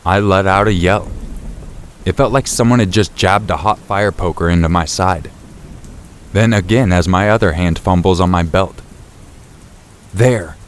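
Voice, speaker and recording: A man narrating a true scary story in the first person, in a steady, low-key storytelling voice. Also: moderate pace, slight background noise. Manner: steady, low-key storytelling, rising sharply for shouted quotes. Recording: faint rain and thunder behind.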